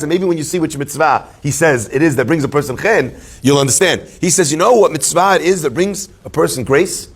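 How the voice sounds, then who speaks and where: A man, a rabbi, giving a Torah class to a live audience, animated and joking, telling stories and asking questions. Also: fairly high pitch, fast, breathy edge. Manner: animated, joking storyteller who asks questions.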